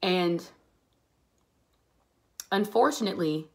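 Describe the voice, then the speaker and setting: A woman in her twenties from the Pittsburgh area, speaking earnestly in a personal vlog, halting at first and growing more emphatic. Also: fairly low pitch, animated, darkish tone. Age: 20s. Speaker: vlogger.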